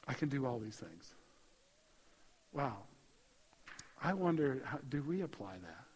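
A pastor preaching a sermon in a conversational, animated way, building to emphatic peaks. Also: male voice, mid-range voice, a little slow, slightly rough. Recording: hall reverb.

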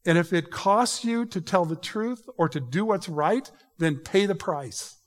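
A man's voice: sits high, measured pace. Man preaching in an echoing hall. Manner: emphatic, conversational preaching. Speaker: pastor. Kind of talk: sermon. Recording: reverberant hall.

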